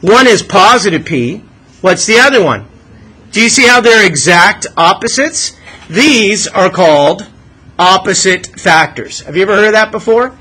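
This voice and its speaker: Bright, high-voiced male math teacher. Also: expressive, moderate pace, slightly rough, rough recording. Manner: questioning, coaxing students to think aloud. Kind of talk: classroom lesson. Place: classroom.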